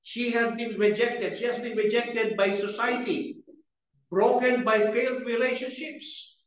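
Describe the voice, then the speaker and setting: High-voiced preacher in an echoey church. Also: male voice, fairly even intonation, a little slow. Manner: earnest, repeats key phrases for emphasis; asks the congregation questions. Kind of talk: sermon. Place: church hall. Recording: echoey room, picked up from a distance.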